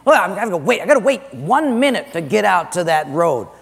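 A man's voice: medium pitch, wildly swooping pitch, moderate pace, fairly bright tone, breathy edge, heavily acted. A man voicing a fed-up male churchgoer who complains about crowding in an exasperated, whiny way, as part of a sermon. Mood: griping.

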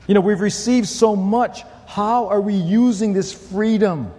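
Man preaching, lively storytelling, somewhat high voice, long echo of a church hall. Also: unhurried, hardly any pauses. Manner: storytelling, acts out quotes and shouts. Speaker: pastor. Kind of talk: sermon.

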